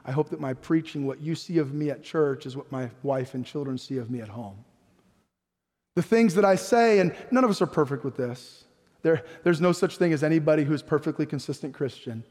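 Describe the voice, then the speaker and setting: A man's voice: a little high, a little fast, darkish tone, in a large hall. A man preaching a sermon as pastor, emphatic, often putting questions to the congregation. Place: church sanctuary.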